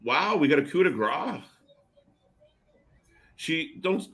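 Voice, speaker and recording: A man co-hosting a live wrestling watch party stream, chatting casually with fillers and quick reactions. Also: a little high, sing-song, fairly bright tone, husky.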